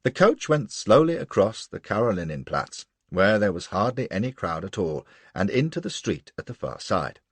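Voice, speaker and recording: Husky, lively male audiobook narrator. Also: fairly low pitch, moderate pace, few pauses, no echo. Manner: brash, wry storytelling. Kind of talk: first-person novel narration.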